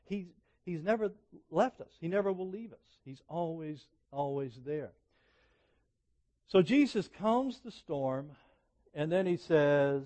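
A middle-aged man preaching a sermon, telling personal stories in a conversational way that swings from emphatic peaks to quiet asides. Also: a little high, animated, slow pace.

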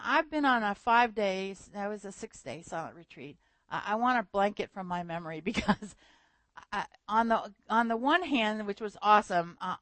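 A woman preaching a sermon in a lively storytelling manner, often laughing. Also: fairly high pitch, no room sound.

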